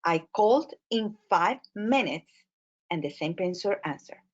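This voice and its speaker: Expressive Latina woman trainer, muffled. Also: medium pitch, a little slow. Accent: Latin American Spanish. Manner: expressive, animated storytelling with many fillers. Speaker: immigrant advocate and trainer. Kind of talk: training talk. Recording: muffled lo-fi audio.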